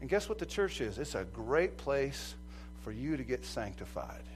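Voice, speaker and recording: A man preaching a sermon as pastor, animated, acting out quoted voices and swinging from loud to soft. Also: mid-range voice, normal speed, faint music behind, poor audio. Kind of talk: lively sermon.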